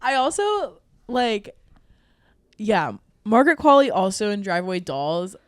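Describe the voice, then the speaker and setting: A woman's voice: mid-range voice, very animated, unhurried, clean tone, no room sound, clean studio sound. A woman in her twenties co-hosting a podcast, chatting casually with frequent laughs. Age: 20s. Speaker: podcast co-host. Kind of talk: casual chat.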